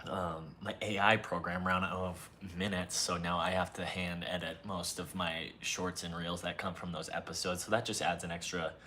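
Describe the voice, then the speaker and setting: A young man hosting a solo podcast, talking softly and casually in a low-key, self-mocking way. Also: level tone, moderate pace, few pauses, a little hiss or hum. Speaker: podcast host.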